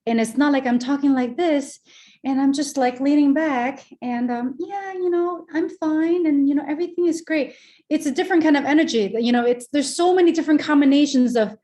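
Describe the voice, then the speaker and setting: A woman in her thirties, a presenter and speaking coach, talking in an animated, projecting way on a remote call interview, explaining with examples. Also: high voice. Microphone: remote call mic.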